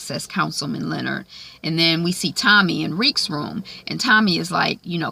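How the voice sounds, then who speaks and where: A woman's voice: low-pitched, moderate pace, gravelly, bright, forceful tone, husky. A woman casually recapping a TV episode, chatty, with lots of "um" and "like", acting out the characters' lines. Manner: chatty, frequent "um" and "like", acts out quoted lines.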